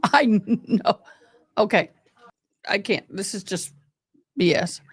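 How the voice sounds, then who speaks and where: A middle-aged woman hosts a livestream, giving blunt, chatty commentary on a court hearing directly to her viewers. Her mid-range voice is lively, slow, and a little breathy, with no room sound.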